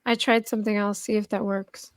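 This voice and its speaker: Woman, casual podcast chat, middle pitch, matter-of-fact, dry sound. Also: flat delivery, a little fast, dry recording. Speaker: nurse and podcast co-host.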